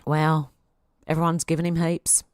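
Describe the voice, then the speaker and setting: A woman's voice: deep voice, flat delivery, moderate pace, darkish tone, no room sound, studio quality. An Australian woman hosting a livestream, reading social media posts aloud and answering them with sarcastic asides. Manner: sarcastic, talks back at posts. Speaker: livestream host.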